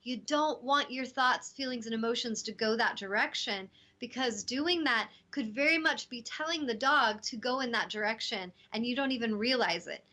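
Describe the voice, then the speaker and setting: A woman hosting a casual spiritual talk show, telling stories with lively acted-out quotes. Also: on the high side, moderate pace, few pauses. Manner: animated storytelling, acting out voices in quotes. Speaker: host.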